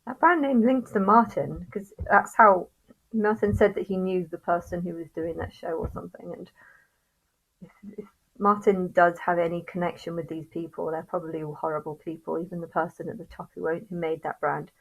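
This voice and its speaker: A woman vlogger delivering an angry, halting monologue to camera, swearing and restarting her sentences. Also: lowish voice, steady tone, husky, low-quality recording.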